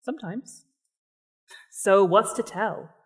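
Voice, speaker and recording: A woman reading the lines of a withdrawn young woman with a secret, in an attempted Canadian accent and a flat, subdued manner. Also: medium pitch, slow pace, slightly rough, in a large hall, voice pushed up. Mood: flat, guarded.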